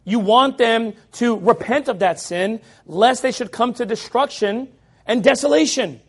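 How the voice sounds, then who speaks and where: High-voiced man preaching a loud sermon. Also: measured pace, husky. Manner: loud, forceful preaching with mocking quoted voices. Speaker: pastor.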